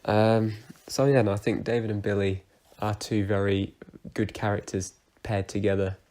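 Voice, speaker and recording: Low, flat-voiced man reviewing a soap. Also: normal speed. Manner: rambling, many fillers and restarts. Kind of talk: casual spoken review.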